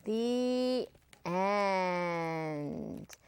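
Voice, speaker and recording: A woman librarian reading a picture book aloud to children in a slow, sing-song storytelling manner. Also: medium pitch, lively intonation, darkish tone, smooth.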